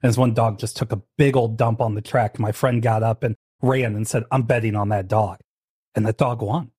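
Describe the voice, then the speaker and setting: A man's voice: mid-range voice, steady tone, a little fast, a little mellow, husky, no room sound, studio quality. A man from the United States hosting a casual podcast chat, joking and telling rambling stories. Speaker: podcast host.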